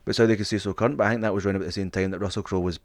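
A man's voice: lowish voice, steady tone, very fast, no echo. A man co-hosting a podcast in casual chat, swearing freely and laughing often. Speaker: podcast co-host.

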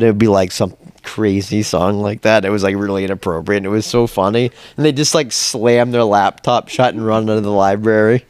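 A man's voice: fairly low pitch, steady tone, fairly quick, few pauses, darkish tone, clean tone, no room sound. Rambling man in casual podcast chat. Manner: rambling, fills speech with "like"; swears freely. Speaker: podcast co-host.

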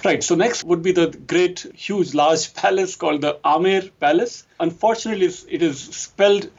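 An Indian-accented man with a somewhat high voice, talking as a guest in a relaxed conversation. He chuckles often and says yes again and again. The recording sounds muffled and lo-fi. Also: moderate pace, gravelly, slightly rough. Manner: frequent laughs and repeated yeses. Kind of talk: casual conversation.

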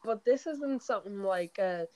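Woman co-host, mid-pitched, blunt and teasing. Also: expressive, normal speed, darkish tone, slight background noise. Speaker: podcast co-host. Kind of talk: casual chat.

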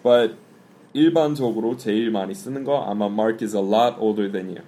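A man hosting a casual podcast, explaining English expressions and switching into quick Korean. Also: fairly low pitch, warm tone, slight background noise. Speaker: podcast host and English teacher. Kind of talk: casual bilingual language lesson.

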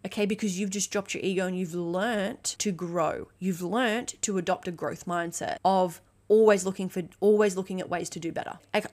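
A young adult woman hosting a solo motivational podcast, speaking bluntly and emphatically, swearing freely and checking in with the listener. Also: medium pitch. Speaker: podcast host.

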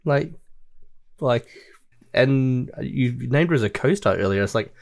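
A man's voice: mid-range voice, lively intonation, unhurried, a little mellow. A man co-hosting a casual film podcast, rambling with many fillers as he talks about music. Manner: rambling, lots of "like" and "you know". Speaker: podcast co-host.

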